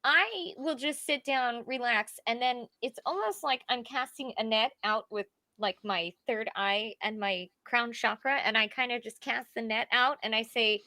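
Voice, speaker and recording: A woman's voice: on the high side, normal speed, hardly any pauses, pushed and bright, dry recording. A woman who is a psychic medium and guest on a podcast, answering viewer questions in casual chat with a self-deprecating humor. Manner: frequent short agreement, self-deprecating laugh.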